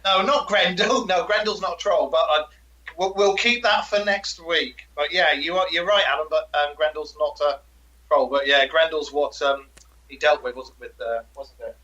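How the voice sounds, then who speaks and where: A male podcast co-host with a bright, fairly high voice. He talks in a loose, chatty way, retelling old legends between laughs. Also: moderate pace, lo-fi sound. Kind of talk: casual chat about folklore.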